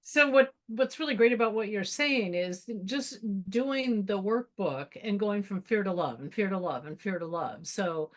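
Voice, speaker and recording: A woman participant in an online class, casually telling a story in an animated way. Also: medium pitch, moderate pace, few pauses. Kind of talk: casual group class talk.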